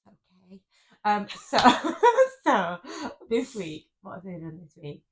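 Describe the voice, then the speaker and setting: Woman, lowish voice, deadpan teasing, podcast chat. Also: moderate pace, slight background noise. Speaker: podcast co-host. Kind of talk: casual chat.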